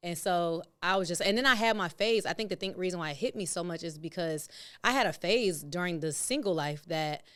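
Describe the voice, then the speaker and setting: Laughing, open-hearted woman guest, smooth low voice. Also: a little fast. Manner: open, laughing, jumps high when excited. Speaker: podcast guest. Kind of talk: casual podcast chat.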